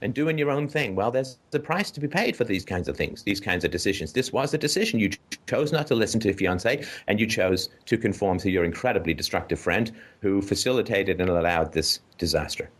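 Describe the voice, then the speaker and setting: A man hosting a call-in show, giving blunt, forceful advice to a caller in an emphatic lecture full of profanity and vivid imagery, often checking in with "right?". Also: fairly low pitch, expressive, a little fast, few pauses.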